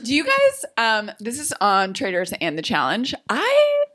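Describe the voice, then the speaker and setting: A woman's voice: a little high, wildly swooping pitch, a little slow, fairly bright tone. A woman co-hosting a podcast, chatting casually in a playful, questioning way. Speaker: podcast co-host. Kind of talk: casual chat.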